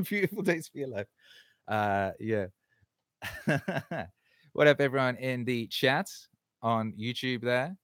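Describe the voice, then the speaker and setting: Man, live-stream host, profane, ranting, mid-pitched voice, dry close sound. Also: no echo. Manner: profane, ranting, swings from angry to cheerful. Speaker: music producer hosting a live stream. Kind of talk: casual live-stream chat, reading viewer questions.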